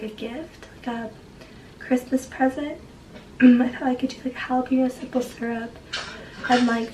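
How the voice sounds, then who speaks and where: Brief: young woman vlogger, sick and hoarse, chatty, higher voice, roomy kitchen sound from off-mic, household clatter behind. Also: darkish tone, recorded from a distance, a little hiss or hum. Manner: chatty, rambling, lots of "like". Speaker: vlogger and mother. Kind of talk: casual home vlog talk. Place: home kitchen and garden.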